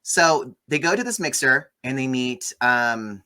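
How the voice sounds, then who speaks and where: A man hosting a casual movie review chat, sarcastic and animated, mocking the film with quick impressions. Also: mid-range voice, clear, resonant tone.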